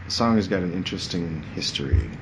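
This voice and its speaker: Deep voiced guy in his 40s rambling along, jokey podcast chat, faint hum behind. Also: lively intonation, fast talker. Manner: rambling, jokey, trails off mid-sentence. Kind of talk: casual chat.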